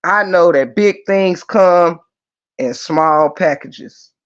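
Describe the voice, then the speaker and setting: A man hosting a livestream, talking casually and in an animated, preachy way straight to his viewers. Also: high-pitched, slow. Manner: animated preachy talk, addresses viewers directly. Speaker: livestream host. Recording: muffled lo-fi stream audio.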